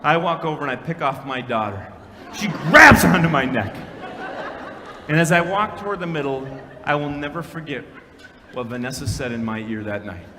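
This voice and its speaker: A man from Minnesota giving a keynote speech at a conference, telling a story dramatically, with shouted punchlines and hushed quiet lines. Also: a little high, expressive, moderate pace. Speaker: keynote speaker. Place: large conference hall. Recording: long hall reverb, faint room noise.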